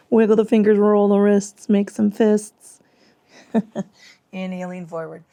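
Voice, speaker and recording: A woman's voice: medium pitch, fairly even intonation, takes it slowly, dark tone. Woman, yoga instructor, casual guided class, swears often, goes off on rants, whispers some cues. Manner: profane, ranting, cues moves between tangents.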